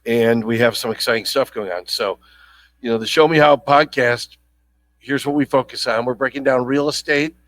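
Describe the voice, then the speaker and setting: A man hosts a casual podcast in a middle-pitched voice. He jokes and rambles, with fillers and restarts. The sound is dry and close. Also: normal speed, fairly bright tone, no room sound, low-quality recording. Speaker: podcast host.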